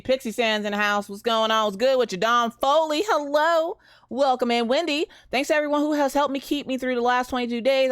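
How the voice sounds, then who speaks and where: A woman's voice: on the high side, no room sound, clean studio sound. A woman in her thirties chatting casually on a live stream, greeting viewers by name and telling a story. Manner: animated, greets chat by name, Southern "y'all".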